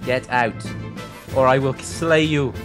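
A man's voice: medium pitch, steady tone, slow, fairly bright tone, faint music behind. A young man role-playing in a game, speaking in a grave, theatrical manner. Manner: grave, theatrical delivery in character. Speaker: co-host player. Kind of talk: mock-solemn role-play during a game.

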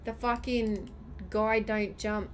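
A woman's voice: mid-range voice, level tone, slow, slight background noise. A woman streaming gameplay, ranting and swearing at the game as she plays. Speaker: gamer streamer. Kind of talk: gameplay commentary.

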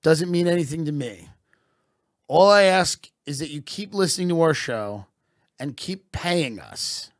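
A man hosts a comedy podcast in a deadpan, mock-patriotic tone. His voice sits a bit high and he takes his time, drawing each line out. The sound is close and dry. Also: a little slow, no room sound. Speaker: podcast host. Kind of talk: satirical comedy monologue.

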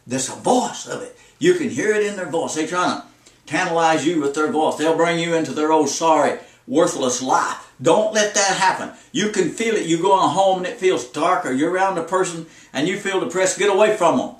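A man's voice: on the high side, a little fast, echoey room, recorded from a distance. A man, preaching a folksy, repetitive sermon on joy and driving out devils. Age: 70s.

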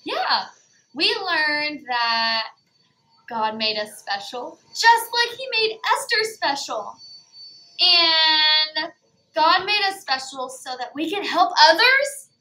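A woman teaching a Bible lesson to preschoolers, animated and sing-song, with gasps and exclamations. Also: high voice, slow pace, roomy sound.

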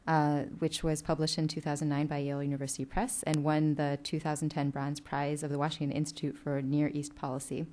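A woman's voice: deep voice, a little mellow. A woman moderating an event, reading speaker biographies with frequent fillers. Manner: reads bios with frequent fillers.

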